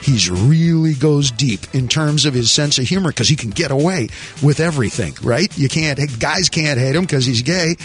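Male radio host, slightly high voice, rambling jokey banter, faint music underneath. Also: lively intonation, normal speed. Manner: jokey, rambling, laughs often. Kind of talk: casual radio chat. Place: radio studio.

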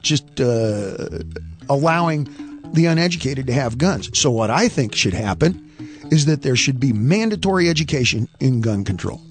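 A man performing a stand-up comedy rant, animated and opinionated, often mimicking other people's voices. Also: medium pitch, normal speed, soft background music.

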